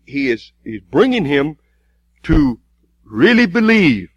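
A man preaching a sermon, stressing key words and drawing them out slowly. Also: a little high, big pitch swings, breathy edge, no room sound. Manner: emphatic preaching with slow, drawn-out stresses.

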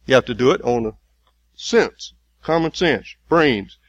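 A man preaching a sermon in a folksy way, building to loud, emphatic, slowly repeated lines. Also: medium pitch, animated, no echo, dull audio.

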